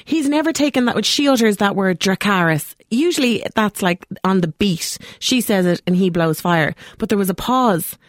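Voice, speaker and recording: A woman's voice: medium pitch, lively intonation, moderate pace, hardly any pauses, no room sound, clean studio sound. A woman, chatting casually as a podcast co-host and acting out characters' lines. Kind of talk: casual chat about a TV episode.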